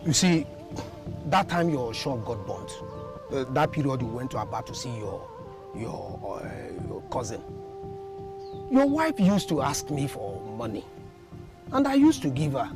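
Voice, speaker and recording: A man's voice: medium pitch, measured pace, long pauses. An actor with a Nigerian accent playing a man who stammers while explaining himself to his friend. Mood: nervous. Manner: excited, stammering. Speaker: husband's friend. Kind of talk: Nollywood film acting. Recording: film soundtrack music behind.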